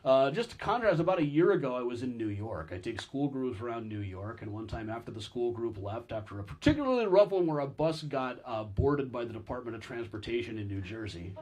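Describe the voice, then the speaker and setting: Man, history lecturer, husky voice, lively lilting delivery, wry storyteller. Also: mid-range voice, fairly quick, hardly any pauses. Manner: animated storytelling, wry and chatty. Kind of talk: public history lecture with audience questions.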